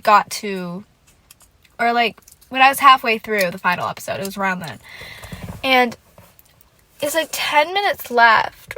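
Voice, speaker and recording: A woman hosting a casual solo podcast, rambling and venting with lots of "like" and frequent swearing. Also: on the high side. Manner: animated and emotional fan venting. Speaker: podcast host.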